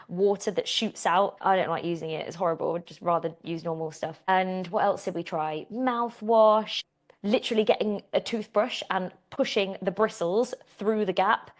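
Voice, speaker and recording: A woman's voice: mid-range voice, moderate pace. Chatty British woman hosting a podcast. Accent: British English. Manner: chatty, animated storytelling with laughs. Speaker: fitness coach and podcast host. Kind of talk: casual Q and A podcast chat.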